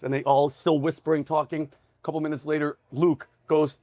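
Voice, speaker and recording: A man hosting a casual diner chat, telling jokes and stories in an animated way. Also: fairly high pitch, a little fast, dry recording. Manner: animated storyteller, breaks into laughter. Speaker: comedy show host.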